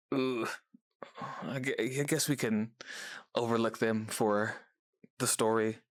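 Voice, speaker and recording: Chatty man riffing with animated asides. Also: mid-range voice. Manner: animated, laughing, mimics characters in quick asides. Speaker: reaction video host. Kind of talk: casual reaction commentary.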